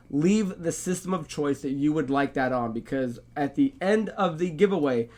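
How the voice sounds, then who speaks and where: A man co-hosting a casual gaming podcast, relaxed and rambling, running the giveaway and sign-off. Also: fairly high pitch. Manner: relaxed, rambling, swears freely. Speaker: podcast co-host.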